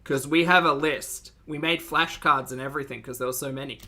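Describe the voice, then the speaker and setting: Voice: medium pitch, fairly even intonation, brisk, noisy background. A reaction commentator with an Australian accent, talking casually with teasing, giggly asides.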